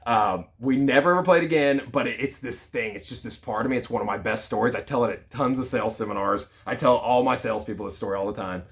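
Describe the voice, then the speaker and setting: A man's voice: medium pitch, fast, hardly any pauses. A man in his thirties, a sales leader, telling a personal story in a casual, conversational way with plenty of fillers.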